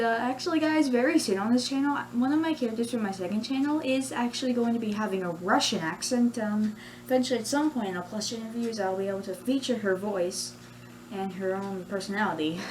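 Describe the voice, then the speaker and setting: A woman's voice: medium pitch, fairly quick, slight background noise, rough recording. A woman chatting casually in a vlog about her plush characters, giggly and rambling. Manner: giggly, rambling, self-pleased. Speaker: plush video creator.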